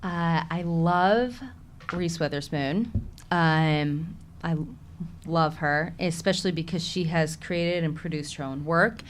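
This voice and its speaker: A woman's voice: deep voice, takes it slowly, slight background noise. A woman with a Chicago accent, an actress talking candidly in a casual interview and laughing often. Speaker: actress, podcast guest.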